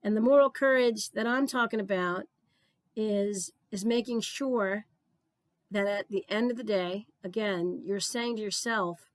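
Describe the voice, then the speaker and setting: Here a retired PE supervisor, an older woman from New Jersey, gives a keynote that feels earnest and conversational, repeating key lines for emphasis. Her voice is mid-range and measured, with no room sound at all.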